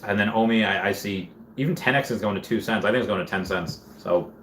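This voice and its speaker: A man hosting a casual livestream, reading chat comments aloud and thinking out loud in a rambling way. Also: on the low side, fast, slight background noise. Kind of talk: casual live-stream chat.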